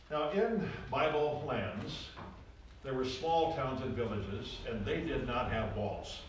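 A man preaching a sermon to a congregation, folksy and animated, repeating phrases for emphasis. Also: medium pitch, slow, a little hiss or hum. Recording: roomy echo, distant from the mic.

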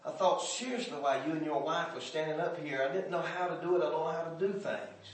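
A man's voice: fairly high pitch, fast, slight background noise. Man preaching in an echoey church. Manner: folksy, dialect grammar, builds from hush to shouting. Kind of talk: sermon. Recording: echoey hall from far off.

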